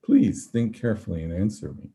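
Storybook villain: a man doing a quiet, courteous older captor with a deep voice. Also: very animated, vocal fry. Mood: calm, probing. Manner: slow, polite, measured questioning. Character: calm elderly male interrogator, soft-spoken, menacing.

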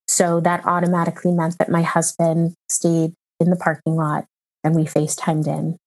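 A woman in her thirties, a mother recounting a hard experience in an interview, emotional and halting with many pauses and fillers. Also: deep voice, completely flat delivery, a little mellow. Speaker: mother telling her story. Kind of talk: personal account in an interview.

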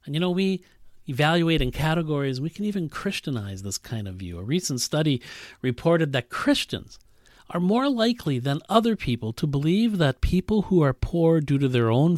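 A male pastor preaching, reading a story aloud and voicing its characters, earnest and dropping to a soft hush at tender moments. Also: big pitch swings, moderate pace, no echo, studio quality. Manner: reads a story aloud, voicing characters with big pitch jumps. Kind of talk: sermon with read-aloud story.

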